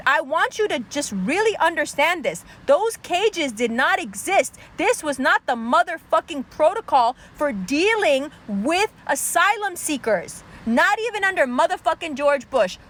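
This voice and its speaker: A woman's voice: sits high, fairly bright tone. A woman delivering an angry, sarcastic, profane political rant as a commentator. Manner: angry, sarcastic, heavy swearing.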